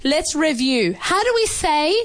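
A woman hosting a children's radio show at a school, giving an English lesson and coaxing answers with encouraging prompts, slow repetitions and bits of Spanish. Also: sits high, big pitch swings, fairly bright tone, no echo, clean studio sound. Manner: encouraging, prompting, repeats words slowly, switches to Spanish to explain.

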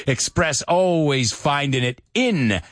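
A man hosting a live English lesson in a playful, animated way, drilling words aloud and mixing in Spanish. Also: a little high, creaky, no room sound, studio quality. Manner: mixes Spanish into his English. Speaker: host of an English pronunciation show.

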